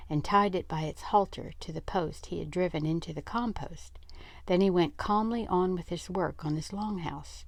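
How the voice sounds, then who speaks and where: A woman's voice: deep voice, no room sound. An older woman reading a children's book aloud, stopping for chatty asides. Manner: chatty asides between passages.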